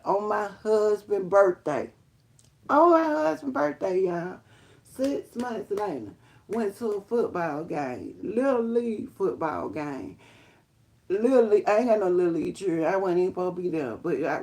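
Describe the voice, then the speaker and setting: A woman telling her life testimony on a live stream, rambling and emphatic, talking straight to viewers as y'all and breaking into high excited exclamations. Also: moderate pace. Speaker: livestream host sharing her testimony.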